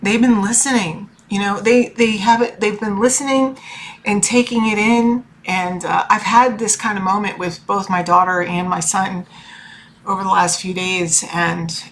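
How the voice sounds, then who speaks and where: A woman's voice: mid-range voice, fairly even intonation, a little slow, slight background noise. A woman in her forties talking about her family in a personal vlog, emotional and rambling, full of fillers and restarts. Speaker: tarot reader and life coach.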